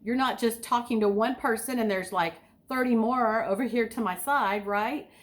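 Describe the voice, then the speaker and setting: A woman's voice: on the high side, moderate pace. An enthusiastic woman giving an instructional talk as a speaking coach, asking her listeners direct questions. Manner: enthusiastic, sometimes overly excited.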